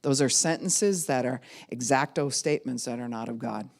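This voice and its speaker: A woman pastor teaching a class in a conversational way, acting out other people's words in quick voices. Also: rumbling low, creaky, a little mellow. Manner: conversational, with frequent "you know" and "right?".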